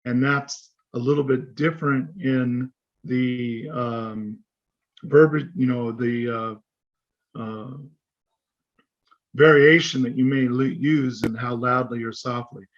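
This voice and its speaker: A man giving a fast-paced, conversational business training presentation at a chamber meeting, sometimes acting out sample phone dialogue. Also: mid-range voice, fairly even intonation, muffled recording. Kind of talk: seminar presentation.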